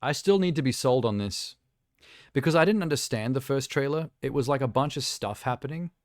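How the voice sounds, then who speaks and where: A man's voice: mid-range voice, lively intonation, a little fast, no echo, studio quality. A young man live streaming, chatting casually and rambling with self-amused asides while reacting to trailers.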